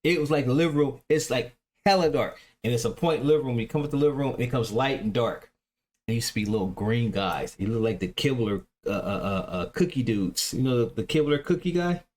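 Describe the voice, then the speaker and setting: A man's voice: medium pitch, lively intonation, a little fast, darkish tone. A man hosting a reaction video, telling a rambling childhood story in casual slang and often restarting his sentences.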